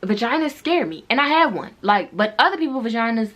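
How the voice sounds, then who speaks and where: A woman's voice: on the high side, very animated, fairly quick, a bit bright. A young woman telling a casual storytime to her viewers, candid and profane, talking straight to them. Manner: candid, profane, chatty, addresses viewers directly. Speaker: vlogger.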